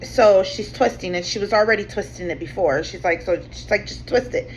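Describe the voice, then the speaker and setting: A woman who hosts a tarot channel talks a little fast at medium pitch, rambling casually through a story. She swears freely and keeps saying "like" and "you know what I'm saying." Faint room ambience and a little hiss or hum sit under slightly dull sound.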